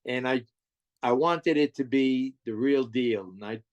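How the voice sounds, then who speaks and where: A man's voice: medium pitch, a little slow, muffled recording. An older man from New Jersey, a guest musician telling stories in a casual interview, eager and often restarting his sentences with stammers.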